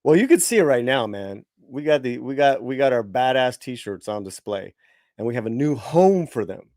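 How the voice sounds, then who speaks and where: Lively chatty male show host. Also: mid-range voice, moderate pace, no echo, studio quality. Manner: enthusiastic, loose and chatty. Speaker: podcast host. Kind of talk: casual show chat.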